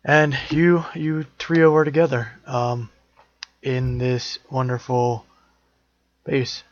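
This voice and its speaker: A man's voice: mid-range voice, flat delivery, takes it slowly, no room sound, lo-fi sound. A young man narrating as game master in a casual tabletop session, swearing and joking with players.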